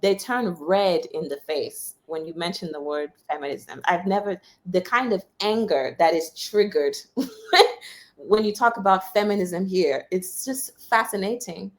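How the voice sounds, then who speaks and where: Animated young woman telling a story. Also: on the low side, a little slow. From United States. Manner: animated storyteller, quotes others with raised voice. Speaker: interview guest, journalist. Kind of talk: candid conversational storytelling.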